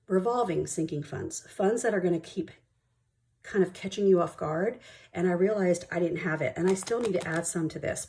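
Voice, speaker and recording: A young woman talks through her cash savings, chatty and excitable as she counts bills aloud. Her voice sits low and mellow. A faint hiss sits under the recording. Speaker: budgeting vlogger. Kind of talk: casual chat while counting cash.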